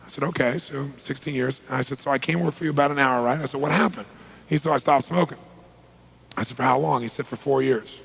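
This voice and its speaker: A man's voice: mid-range voice, quick pace, creaky, a bit bright, breathy edge, low-quality recording. A man giving a motivational talk, telling a story with emphatic, punchy delivery and acting out conversations. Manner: emphatic, punchy, acts out quoted exchanges. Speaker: motivational speaker.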